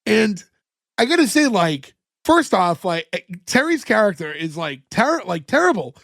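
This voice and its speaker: A man's voice: sits high, moderate pace, creaky, dry recording, studio quality. A man co-hosting a podcast, animatedly recapping a sitcom episode in casual chat. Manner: animated, retells scenes by acting out the lines.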